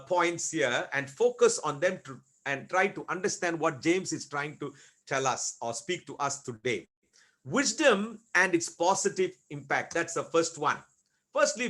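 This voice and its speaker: A man preaching a sermon as pastor, asking rhetorical questions and repeating key words with slow, deliberate emphasis. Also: high voice, a bit bright.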